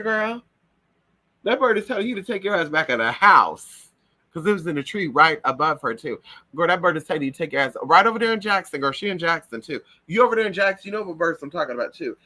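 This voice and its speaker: A man hosting a casual livestream, telling stories in a sassy, profane, animated way and breaking into shrill voices for the people and birds he mimics. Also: fast. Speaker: livestream host. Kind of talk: casual gossip chat.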